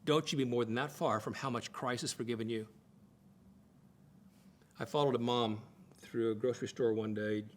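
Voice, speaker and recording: A middle-aged man teaching on marriage in a conversational preaching style, stressing points by repeating phrases and jumping in pitch. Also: moderate pace, long pauses, a little hiss or hum. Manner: emphatic, repeats phrases for stress, jumps to high excited pitch. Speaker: Bible teacher.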